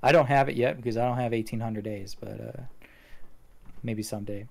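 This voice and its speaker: A man's voice: mid-range voice, steady tone, a little fast, creaky. A man hosting a casual gaming podcast, talking in a loose, rambling way with many fillers and restarts. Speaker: podcast host.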